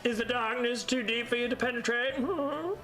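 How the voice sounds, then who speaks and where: A man voicing a sinister male dark sorcerer who taunts his foes in a high, sly, drawn-out theatrical voice. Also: soft background music, heavily acted. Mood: mocking.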